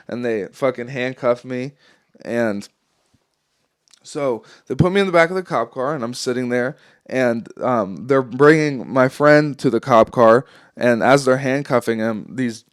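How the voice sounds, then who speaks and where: A man's voice: medium pitch, no echo, clean studio sound. A young man hosting a podcast, telling a long story in a rambling, casual way, full of swearing and ums. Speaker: podcast host.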